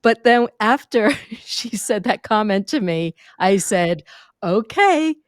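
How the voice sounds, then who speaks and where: A middle-aged woman, a vocal coach, telling stories in an interview, animated and acting out what others said. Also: mid-range voice, takes it slowly, no room sound, studio quality. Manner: animated, acts out quotes, demonstrates vocal fry. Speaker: speaking and vocal coach, guest. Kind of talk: conversational interview storytelling. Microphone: close microphone.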